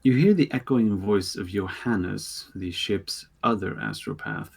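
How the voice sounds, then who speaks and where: A man narrating a tabletop game as game master, pausing often with fillers and restarting his sentences. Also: fairly low pitch, gravelly, a little mellow. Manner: halting, lots of filler words and restarts.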